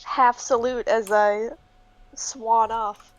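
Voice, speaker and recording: A woman playing in a tabletop game, playful and quick with asides. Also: a little high, flat delivery, highs cut off. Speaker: player. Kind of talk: tabletop role-play as a player.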